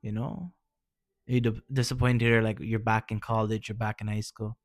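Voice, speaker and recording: A man's voice: on the low side, level tone, moderate pace, dry recording, studio quality. A man talking casually and earnestly, giving heartfelt advice in informal slang and often calling the listener man or bro. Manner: earnest, encouraging. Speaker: vlogger sharing personal experience.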